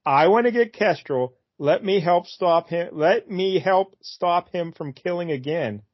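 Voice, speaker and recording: A man voicing a determined young woman superhero, reading her comic dialogue in an earnest, calm way. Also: high-pitched, a little slow, no room sound. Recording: dull, dry, lo-fi.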